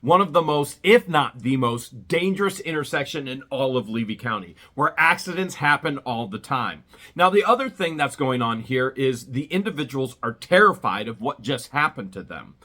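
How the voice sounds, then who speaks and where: A man's voice: mid-range voice, lively intonation, normal speed, pushed and bright. A man hosting his own citizen journalism vlog, indignant and full of rhetorical questions. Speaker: vlogger and citizen journalist host. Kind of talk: outraged commentary to camera.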